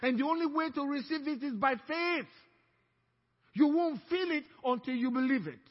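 A man's voice: very high voice, lively intonation, normal speed, big-room sound, lo-fi sound. A man preaching as a pastor, with emphatic delivery that draws the congregation in to repeat lines after him. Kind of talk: sermon. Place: church sanctuary.

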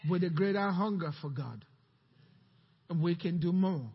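A pastor preaching a sermon, questioning the congregation and calling out to them. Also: male voice, high voice, moderate pace, husky, long reverb tail, muffled recording. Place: church sanctuary.

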